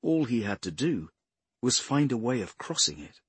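A man narrating a crime novel as an audiobook, in a steady, measured voice. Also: medium pitch, breathy edge, no echo. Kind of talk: scripted narration.

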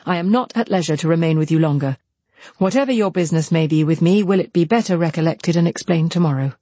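A man reading aloud and voicing a composed young woman who speaks in a measured, formal, cool way. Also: a little high, warm tone, no room sound, natural voice. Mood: cool reproach. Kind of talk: audiobook character voice.

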